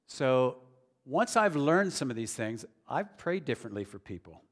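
A man's voice: mid-range voice, big pitch swings, normal speed. A man preaching a sermon in an earnest, conversational way that builds to emphatic declarations. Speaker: pastor. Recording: long reverb of a large hall.

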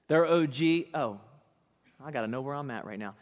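A man's voice: medium pitch, expressive, normal speed. A male pastor preaching a sermon in church, telling a story with dramatic, emphatic delivery. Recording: reverberant church hall.

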